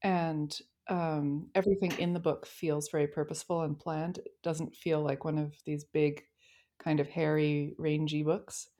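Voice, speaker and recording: A woman's voice: sits low, measured pace. A woman co-hosting a casual book discussion, talking enthusiastically and telling stories about scenes. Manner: enthusiastic, lively storytelling.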